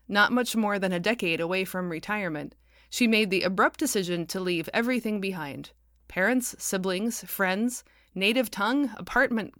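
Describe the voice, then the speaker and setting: A woman author narrating her own novel as an audiobook, wry and expressive. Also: mid-range voice, dry recording, studio quality.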